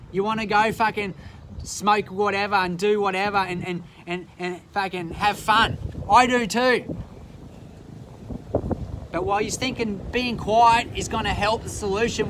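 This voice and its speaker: An Australian man talks straight into his phone in a raised, high voice, swearing hard and repeating himself for emphasis. The clip is recorded outdoors, with the drone of a boat motor and water clearly heard under his words. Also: noisy background. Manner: profane, forceful, repetitive. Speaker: social media vlogger. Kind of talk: impassioned direct-to-camera rant.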